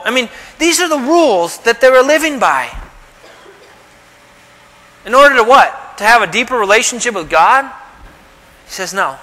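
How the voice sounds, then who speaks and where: A man's voice: extremely high pitch, expressive, moderate pace, long pauses, bright, forceful tone. Man, pastor, preaching, rhetorical questions, acted quotes, echoing hall. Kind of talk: sermon.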